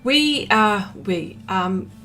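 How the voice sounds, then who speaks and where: A woman's voice: mid-range voice, animated, extremely slow, fairly bright tone, faint music behind. An Australian woman hosting a live art stream, chatting casually and reading out viewer comments, with many fillers and small laughs.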